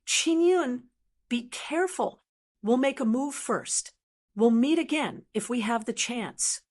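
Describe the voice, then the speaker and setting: A woman voices a young male cultivator from a fantasy audiobook, hurried and urgent. He sounds pressed, as if about to leave in a rush. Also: on the high side, expressive, darkish tone, voice pushed up.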